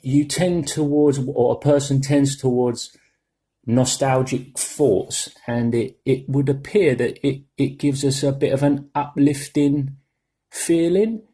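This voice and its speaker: Slow-paced and slightly rough, this mid-range voice has a dark tone. It belongs to a British podcast host in his forties who rambles and jokes through casual gaming chat.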